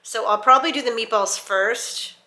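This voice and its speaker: A woman's voice: a little high, moderate pace, bright, forceful tone, poor audio. A woman hosting a casual home cooking vlog, chatting through each step as she goes. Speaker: cooking channel host. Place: home kitchen.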